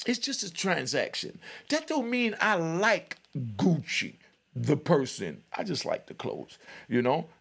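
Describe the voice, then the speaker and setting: A man's voice: a little high, vocal fry, a bit bright, husky. A man hosting a commentary channel, speaking straight to the camera in a blunt, lecturing way and filling his talk with "you know". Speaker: YouTube commentary host. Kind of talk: direct-address commentary.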